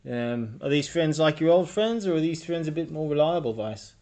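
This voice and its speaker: A man's voice: on the high side, animated, normal speed, darkish tone, pitched above the performer's own voice, lightly acted. A man voicing a shrewd female street dealer in a tabletop game, easygoing and calling people mate.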